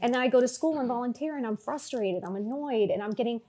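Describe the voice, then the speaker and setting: A woman in her fifties, a podcast guest telling her own story in a frank, animated way, peppered with "like" and casual swearing. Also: fairly high pitch, quick pace. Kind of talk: candid conversational storytelling.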